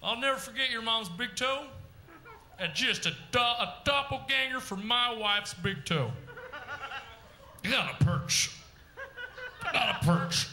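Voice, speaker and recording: A man's voice: very high-pitched, lively intonation, a little slow, pauses often, pushed and bright. A man doing live character comedy on a club stage, rambling and blustery like a brash dad working the crowd. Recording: echoey live club room.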